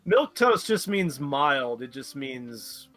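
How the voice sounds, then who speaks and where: A man's voice: mid-range voice, sing-song, takes it slowly, a bit bright, soft background music. A man, co-hosting a casual podcast, joking and opinionated. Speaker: podcast co-host. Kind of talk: casual chat.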